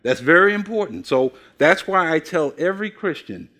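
A man's voice: on the high side, expressive, moderate pace, pushed and bright. An older man preaching a sermon, asking the congregation questions and telling folksy stories with acted-out voices. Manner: folksy storytelling, acts out quoted voices. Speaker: pastor.

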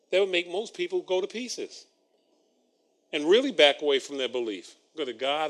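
A man's voice: a little high, normal speed, a bit bright. A man preaching a sermon, reading scripture and breaking in with wry asides and chuckles.

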